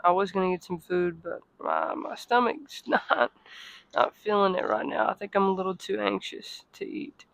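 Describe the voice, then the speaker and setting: A woman vlogging casually to her phone, chatty and self-deprecating, at times out of breath from walking fast outdoors in the cold. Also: medium pitch, creaky, dry recording, poor audio. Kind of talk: casual travel vlog to camera. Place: outdoors on cold city streets.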